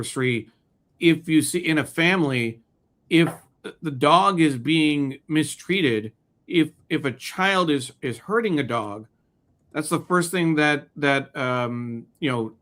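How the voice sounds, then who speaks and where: A man with a slightly higher-than-usual voice co-hosts a casual chat. He talks hesitantly, restarting his sentences as he works through his ideas. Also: a bit bright. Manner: hesitant, many restarts and fillers. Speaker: co-host.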